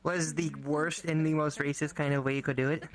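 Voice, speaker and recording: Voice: medium pitch, flat delivery, brisk, a crowd in the background. A person in casual voice chat talking about voice acting, voice training and accents. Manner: chatty, talks about voice training, many restarts. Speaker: guest in voice chat. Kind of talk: casual chat in a social VR game.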